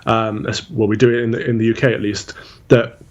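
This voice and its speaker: A man's voice: on the low side, fairly even intonation, a little fast, highs cut off. A man from England, a guest on a political talk show, giving blunt and opinionated commentary that brushes opponents aside.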